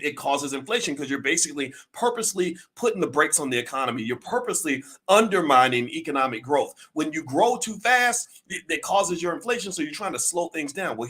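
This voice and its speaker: A man giving an emphatic, preachy talk on finance, firing rhetorical questions and rising to near-shouts. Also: high-pitched. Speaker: finance commentator.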